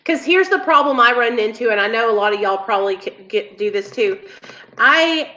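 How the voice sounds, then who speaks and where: A woman's voice: fairly high pitch, expressive, a little fast, bright, forceful tone, dull audio. A woman co-hosting a casual live stream and talking to viewers in a chatty way. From American South. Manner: chatty, addresses viewers as y'all. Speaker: co-host.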